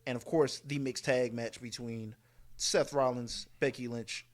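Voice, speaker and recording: A man's voice: medium pitch, fairly even intonation, a little slow. A man co-hosting a podcast, giving casual wrestling predictions with hesitant fillers and joking asides. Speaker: podcast co-host.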